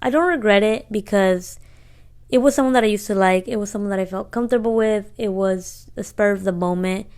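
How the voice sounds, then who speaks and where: A podcast co-host in her twenties tells a story in casual, slangy language, acting out the dialogue along the way. Her voice is medium in pitch with a darkish tone.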